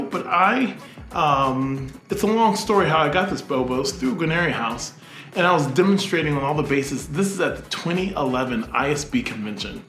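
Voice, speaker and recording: A man, a double bass player, chatting casually to camera at night in his apartment, rambling and poking fun at himself. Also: lively intonation, moderate pace, a bit bright, reverberant, faint music behind. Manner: chatty, rambling, self-mocking.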